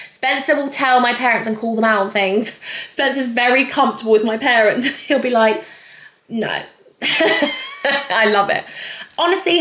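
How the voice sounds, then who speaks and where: A woman's voice: a little high, gravelly, fairly bright tone, a little hiss or hum. A young pregnant woman chatting casually through a Q&A while doing her makeup, rambling and laughing often. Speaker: vlogger. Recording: echoey room.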